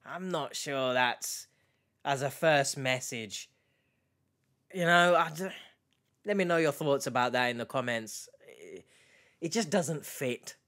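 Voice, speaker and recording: A man's voice: mid-range voice, expressive, slow pace, pauses often, a bit bright. A man hosting a reaction video, chatting casually to his viewers with rambling restarts and questions for the comments.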